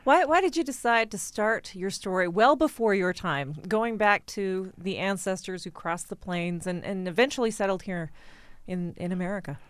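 A woman interviewer asking measured, gently probing questions. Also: medium pitch, clean tone, no echo.

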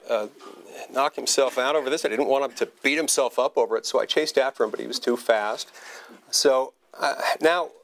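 A man delivers a humorous anecdote in a speech, in a mid-range voice. He tells it wryly and pokes fun at himself, often stopping to restart a phrase before moving on. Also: mid-range voice. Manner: wry, self-deprecating storytelling with halting restarts. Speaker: senator giving a speech.

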